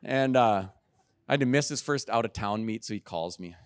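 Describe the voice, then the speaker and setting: A middle-aged man giving a keynote talk, telling lively family anecdotes and acting out what people said. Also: on the low side, moderate pace, smooth, no room sound, studio quality. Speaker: keynote speaker. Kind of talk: storytelling talk.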